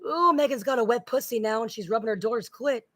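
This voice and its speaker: A woman's voice: fairly high pitch, quick pace, a bit bright, no room sound, low-quality recording. A woman in a rambling, agitated spoken monologue that loops back on the same words.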